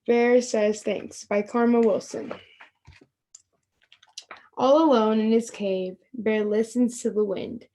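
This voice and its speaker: Woman, storytime reader on a video call. Slow, higher-pitched and expressive, with chatty asides to the kids. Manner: slow, expressive read-aloud with pointing asides. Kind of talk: reading a picture book aloud to children.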